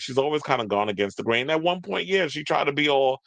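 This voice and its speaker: A man's voice: medium pitch, animated, quick pace, creaky, hardly any pauses, fairly bright tone, dry recording. A man giving casual, opinionated celebrity news commentary, chatty and full of rambling asides. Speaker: entertainment commentator.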